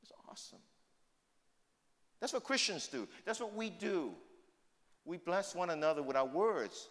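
An older male pastor preaching in a church hall, his fairly high voice leaping up and down in pitch. He swings between loud, emphatic points and soft, murmured asides. A long reverb trails after each phrase. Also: very animated, a little slow, pauses often. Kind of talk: sermon.

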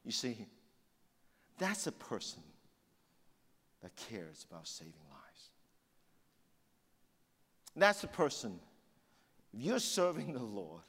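Impassioned preacher in a reverberant hall. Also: male voice, medium pitch, big pitch swings, slow pace, pauses often. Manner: storytelling preacher, rising to passionate emphasis and dropping to hushed intensity. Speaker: pastor. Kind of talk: sermon.

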